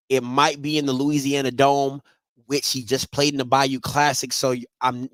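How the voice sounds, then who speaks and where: A man hosts a live sports talk show, ranting casually and profanely as he sinks to low mutters and then climbs to shouts. There's no echo.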